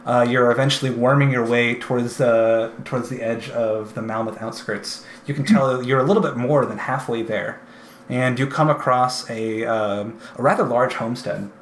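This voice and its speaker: A man running a tabletop game as game master, narrating in a relaxed way with many pauses and fillers. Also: mid-range voice, reverberant, slight background noise.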